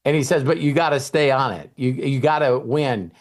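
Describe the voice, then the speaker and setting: A man's voice: medium pitch, moderate pace. A middle-aged man hosting a motivational talk, telling stories and acting out quoted voices with some casual swearing. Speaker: host and mentor.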